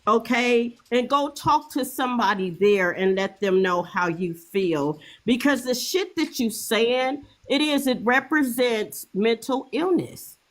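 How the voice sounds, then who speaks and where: Middle-aged woman, livestream host, slightly high voice, heated profane repetitive rant. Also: expressive, a little slow, hardly any pauses.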